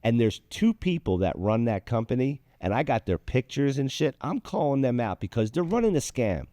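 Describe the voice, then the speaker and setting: Man host ranting hard, dark tone, dry close sound. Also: mid-range voice, very animated, moderate pace, dry recording. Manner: heated, profane storytelling. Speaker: show host. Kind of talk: casual comedic talk show rant.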